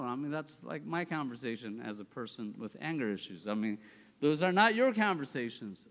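A man preaching a sermon, animated, swinging between loud, high exclamations and quiet, low asides. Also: moderate pace. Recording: long hall reverb.

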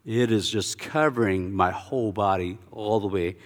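A male pastor preaching a sermon, telling a personal story with animated swings between hushed and loud delivery. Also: lowish voice, moderate pace, big-room sound.

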